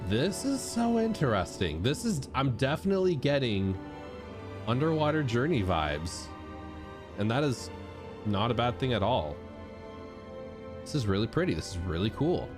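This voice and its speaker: A young man chatting casually as he streams a game, thanking subscribers and reacting out loud. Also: medium pitch, moderate pace, pauses often. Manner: animated, chatty, shouts out subscribers. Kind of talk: casual gameplay commentary. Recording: game music playing behind.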